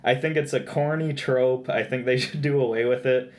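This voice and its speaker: A man's voice: medium pitch, fairly even intonation, normal speed. A young man co-hosting a casual podcast chat, talkative and laughing often between filler words. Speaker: podcast co-host. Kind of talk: casual chat about movie tropes.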